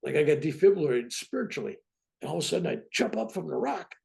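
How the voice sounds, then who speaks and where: A very gravelly older man in his seventies tells his story as a talk-show guest. His pitch swoops up and down as he goes. He sits a little high for his age and keeps checking in with "right?". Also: fast talker. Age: 70s. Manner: lively, keeps tagging "right?" onto his points. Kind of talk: animated personal storytelling.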